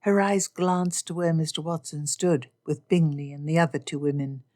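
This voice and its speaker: A woman reads a romance novel aloud with steady, expressive narration. Her voice sits on the lower side for a woman. The delivery is even and attentive to the story. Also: normal speed. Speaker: audiobook narrator. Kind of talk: scripted narration.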